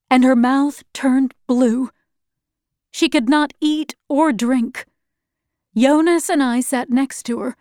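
A woman reads a first-person story aloud, slowly and at a measured pace, in a fairly high voice. The recording is close and dry, with no room sound. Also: darkish tone, no echo. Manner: slow, measured and plain. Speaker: narrator.

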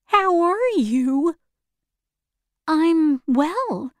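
A woman voicing a kind, polite young girl in a storybook reading, speaking slowly and clearly. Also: high-pitched, lively intonation, dry recording, clean studio sound, voice pushed up. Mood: friendly.

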